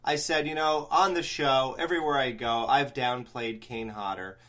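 A man hosting a podcast, telling a long story in casual chat, rambling and animated with many restarts. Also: mid-range voice, moderate pace. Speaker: podcast host.

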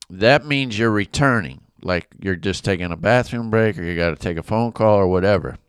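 A man's voice: mid-range voice, clean tone, no echo, studio quality. A man leading a casual devotional Bible study, enthusiastic and conversational.

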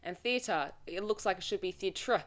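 An Australian woman hosting a casual podcast chat, cheeky and teasing, quick to laugh. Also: mid-range voice, a bit bright. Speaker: podcast host.

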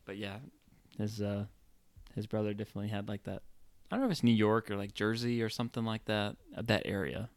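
A man's voice: lowish voice, fairly quick, no room sound. A man co-hosting a casual movie chat, rambling and playful, with lots of fillers. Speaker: podcast co-host.

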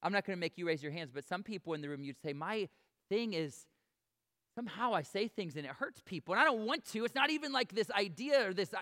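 Bright, high-voiced man preaching. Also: expressive, fast talker. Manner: earnest, conversational preaching with direct questions to the congregation. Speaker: pastor. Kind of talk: sermon. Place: church sanctuary before a congregation.

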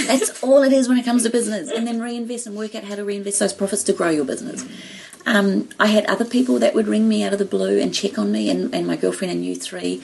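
A woman's voice: mid-range voice, steady tone, fast, gravelly, slight background noise, poor audio. A middle-aged woman in casual conversation, telling personal business stories with feeling and acting out what others said. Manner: warm storytelling, emotional, quotes others animatedly. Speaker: guest. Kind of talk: casual chat.

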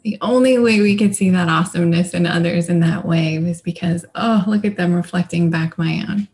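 A woman's voice: lowish voice, a little fast, a little mellow. A woman leadership coach talking in a casual interview, enthusiastic and emphatic, stringing words together in bursts.

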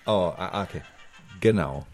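A man with a German accent, a native German speaker, calmly helping with German words. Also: deep voice, normal speed, soft background music. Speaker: guest language helper.

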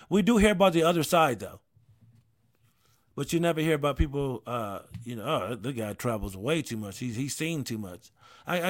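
A man in his thirties hosting a casual talk show, rambling with many restarts and frequent swearing. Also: on the high side. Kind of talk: casual chat.

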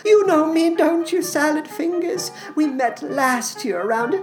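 A weepy creepy celery-fingered oddball, very high voice, slow sobbing delivery, music underneath. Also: male voice, lively intonation, rough recording. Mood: weepy pleading. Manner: whimpering, sobbing, fragile pleading. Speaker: podcast host voicing a sponsor ad.

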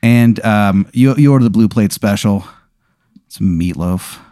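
A man's voice: fairly low pitch, mellow, no echo. Man storyteller, casual improv, lots of ums, dry close sound. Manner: halting, full of fillers, puts on voices for characters. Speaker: storyteller posing a hypothetical.

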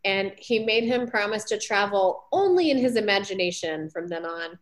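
With a medium-pitched, expressive voice at a moderate pace, a young woman co-hosts a podcast. Once a teacher, she recounts research in casual chat, often giggling and saying um and like.

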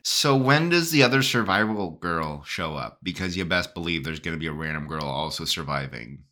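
A man's voice: low-pitched, lively intonation, brisk, pushed and bright. A man co-hosting a podcast who cracks puns and mocks himself in casual chat. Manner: punning, self-mocking jokes. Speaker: podcast co-host.

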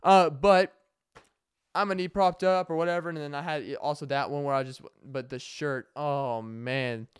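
A man's voice: a little high, fairly even intonation, moderate pace, smooth, dry recording, clean studio sound. A young man hosting his own podcast, talking alone in a rambling, joking way that turns emotional, with many restarts and fillers. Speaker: podcast host. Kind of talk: casual solo podcast monologue.

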